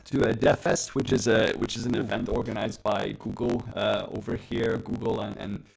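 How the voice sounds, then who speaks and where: A man's voice: lowish voice, level tone, moderate pace, gravelly, low-quality recording. A man co-hosting a casual podcast over a call, telling stories with hesitant restarts and laughs. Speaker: podcast co-host. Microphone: remote call.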